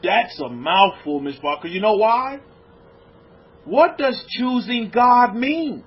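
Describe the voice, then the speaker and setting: A man with a high, husky voice preaches to his congregation, piling up rhetorical questions. He jumps from loud exclamations down to low, almost murmured lines. The recording sounds dull and lo-fi. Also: animated, slow pace. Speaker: rabbi teaching a congregation. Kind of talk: preaching a lecture-sermon.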